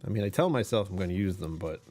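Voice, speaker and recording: Casting: young man, livestream host, low voice, chatty and rambling, self-amused. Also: lively intonation, quick pace, darkish tone. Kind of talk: casual livestream chat.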